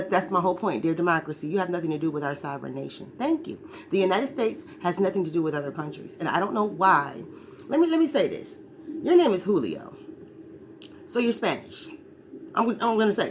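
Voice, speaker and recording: A woman's voice: lowish voice, a little hiss or hum. A woman delivering a blunt, profane ranting monologue. She repeats her points and keeps asking "right?" for agreement. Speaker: speaker giving a spiritual-political briefing.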